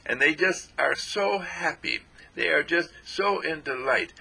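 Raspy, gravelly man with lively delivery. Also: fairly high pitch, unhurried. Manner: animated and playful, repeats affirmations. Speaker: spiritual radio speaker. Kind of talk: inspirational radio talk.

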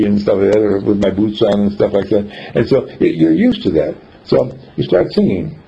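A man's voice: fairly low pitch, big pitch swings, normal speed, vocal fry, hardly any pauses, dark tone, slightly rough. A man giving an informal spiritual teaching, telling rambling, folksy stories with chuckles between points. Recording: dull lo-fi recording with faint background noise.

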